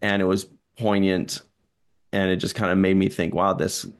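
Gravelly low-voiced man chatting. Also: normal speed. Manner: relaxed, rambling, playful asides. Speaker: podcast co-host. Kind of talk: casual chat.

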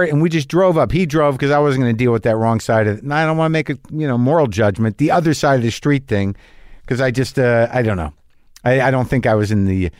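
A man's voice: medium pitch, no room sound, studio quality. A man musing in a rambling casual monologue, often restarting his sentences and swearing now and then. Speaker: comedian.

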